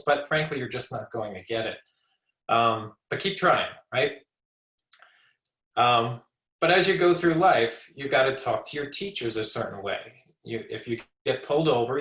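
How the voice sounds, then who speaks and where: A forties-aged American man who works as a speech pathologist delivers a relaxed educational talk, acting out short examples and often stopping to repeat or restart his words. His mid-range voice has a fairly bright tone. It's a rough recording with an echoey room.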